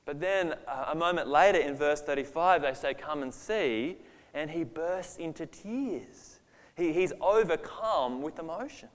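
Preaching on a Bible passage, a man with a fairly high voice speaks at a moderate pace, earnest and emphatic. His voice rises on dramatic moments, such as describing Jesus' anger, and a long reverb tail trails it.

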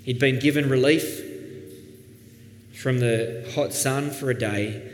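A man preaching a sermon as pastor, earnest, dropping soft and then rising with emphasis. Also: mid-range voice, fairly even intonation, slow. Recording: echoey hall, faint background noise.

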